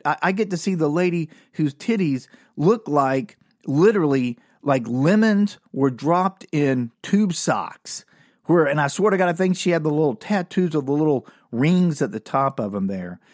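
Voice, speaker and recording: A man's voice: on the high side, dry recording, clean studio sound. A man telling rambling, profane, self-mocking comic stories live as a podcast host.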